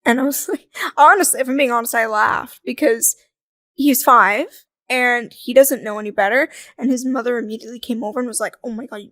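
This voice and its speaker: A young adult woman chatting as a podcast guest, telling lively stories, acting out quoted voices and laughing often. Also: fairly high pitch, a little fast, dry recording, clean studio sound. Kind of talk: casual conversational interview.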